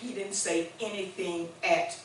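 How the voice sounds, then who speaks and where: A woman's voice: lowish voice, fairly even intonation, measured pace, slight background noise. A woman in her sixties preaching a sermon with call-and-response, moving between conversational talk and emphatic declarations. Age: 60s. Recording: echoey church room, mic far off.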